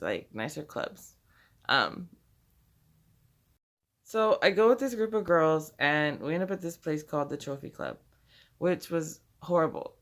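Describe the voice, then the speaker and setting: A woman casually telling a personal story, rambling and profane, laughing often as she goes. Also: low-pitched.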